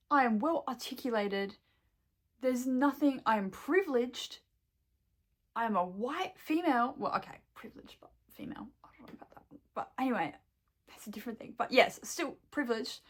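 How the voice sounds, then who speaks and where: A woman's voice: high voice, measured pace, vocal fry, long pauses, husky. A woman venting to camera in a rambling, upset way, full of fillers and swearing. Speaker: vlogger. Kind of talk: casual emotional vent to camera.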